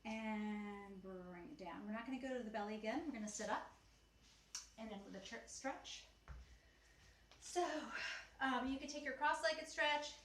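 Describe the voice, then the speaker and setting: A woman's voice: on the high side, moderate pace, long pauses, fairly bright tone. A woman teaching a beginner Pilates mat class at home, slightly out of breath, cueing moves and counting reps in an encouraging, chatty way. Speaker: Pilates instructor. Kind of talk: guided mat workout cueing. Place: home room. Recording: echoey room, faint ambient noise.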